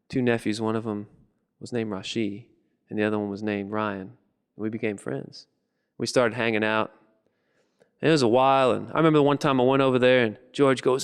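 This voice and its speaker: An animated, self-deprecating male storyteller with a gravelly edge to his mid-pitched voice. He performs on stage, and a long hall reverb trails his words. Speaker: storyteller and spoken word poet. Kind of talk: live stage storytelling and spoken word.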